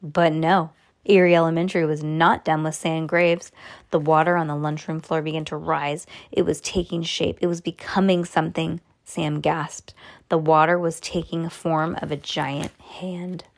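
A woman's voice: moderate pace, vocal fry. Woman reading a children's chapter book aloud. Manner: lively, animated, jumps high for exclamations. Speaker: storybook reader.

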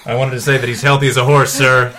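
A man's voice: mid-range voice, little pitch movement, quick pace, pushed and bright, close to an everyday voice. A man voicing a fussy, defensive male science officer in improvised role-play.

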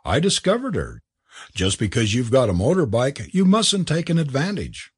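An excitable, lovestruck young student, as a man reads him aloud in a storybook. His lines come out higher than the narration and bounce around a lot. The voice has a slightly husky edge. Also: moderate pace, no echo, studio quality, heavily acted. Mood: eager. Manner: impulsive and excitable. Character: eager, lovestruck young male college student.

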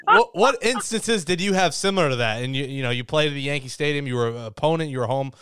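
A man's voice: fairly high pitch, quick pace, clear, resonant tone, dry recording, clean studio sound. A man co-hosting a podcast, chatting casually and joking as he asks questions. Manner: joking, lively storyteller. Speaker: podcast co-host, former pitcher.

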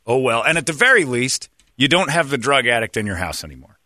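A man's voice: medium pitch, sing-song, fast, bright, forceful tone, no echo, studio quality. A man hosting a call-in radio show, teasing callers and joking with his co-hosts.

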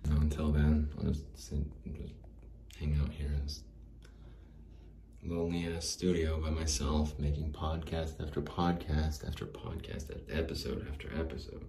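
A man's voice: a bass voice, flat delivery, normal speed, mellow. A man hosting his own podcast alone in a small studio, rambling in a self-deprecating, wistful way. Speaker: podcast host. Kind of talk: rambling solo podcast monologue. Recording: roomy echo, faint background hiss.

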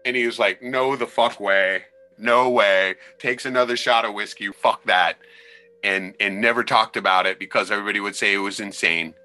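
A man, a former crab fisherman, telling wild sea stories in a loose, profane, animated way on a podcast. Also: fairly low pitch, a little fast, soft background music. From Alaska. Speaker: podcast guest. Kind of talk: casual storytelling.

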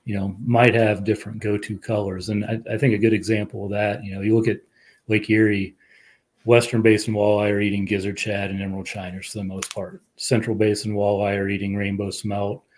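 Fish biologist guy, lowish voice, walks through the science calm and steady. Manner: measured, explanatory. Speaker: fisheries administrator, guest. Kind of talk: casual chat.

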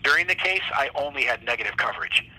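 A man's voice: mid-range voice, lively intonation, fast talker, sharp tone, breathy edge, poor audio. A man talking as an interview guest, telling his story with animation, acting out what others said and swearing freely. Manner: acts out what others said to him. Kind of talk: casual interview.

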